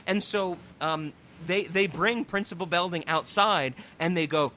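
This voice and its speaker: A man hosting a podcast in casual, animated chat, swearing freely, laughing and recapping scenes with gusto. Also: high-pitched, measured pace, slight background noise. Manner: animated, profane, laughing, storytelling. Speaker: podcast host.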